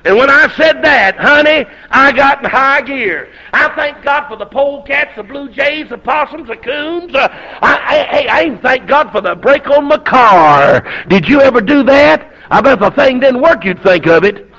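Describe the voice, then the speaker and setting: A man's voice: very high voice, animated, normal speed, gravelly, hardly any pauses. A middle-aged man with a Southern US accent and a sore throat, preaching a folksy, fervent revival sermon on a dull lo-fi recording. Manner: folksy storytelling, fervent, rising to shouts.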